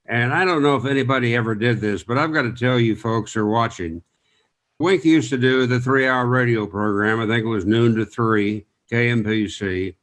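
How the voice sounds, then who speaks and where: A man's voice: medium pitch, moderate pace, fairly bright tone. A man hosting an interview, asking his guest questions in a friendly, encouraging way. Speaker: interview host. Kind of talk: conversational interview.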